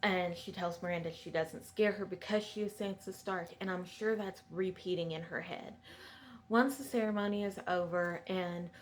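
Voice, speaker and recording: A woman's voice: lowish voice, steady tone, moderate pace. A woman giving a chatty, digressive recap of a TV episode in a sympathetic tone. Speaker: show recapper.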